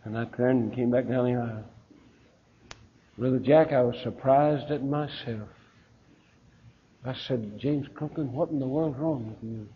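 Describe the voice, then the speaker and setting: A pastor with a Southern US accent, telling a story in a sermon and acting out the voices of the people in it, heard on a dull lo-fi recording. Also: male voice, medium pitch, slight background noise. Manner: folksy preacher, acts out quoted voices.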